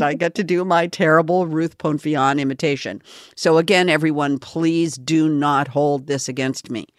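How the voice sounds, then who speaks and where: A woman hosting a podcast, talking in an earnest, halting and openly confessional way. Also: low voice, no room sound, clean studio sound. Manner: earnest, halting, self-revealing. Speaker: podcast host.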